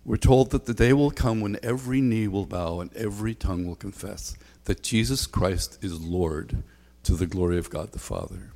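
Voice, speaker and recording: A man's voice: fairly low pitch, moderate pace, warm tone. A man preaching a sermon as a pastor, talking conversationally with frequent ums and a repeated refrain. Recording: long hall reverb.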